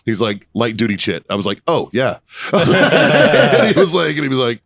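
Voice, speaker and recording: A man in his thirties, a former Marine co-hosting a podcast, swearing freely and telling animated stories with bursts of laughter. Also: medium pitch, moderate pace, vocal fry, husky, dry recording. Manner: profane, animated storytelling with laughter. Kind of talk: casual profane banter and storytelling.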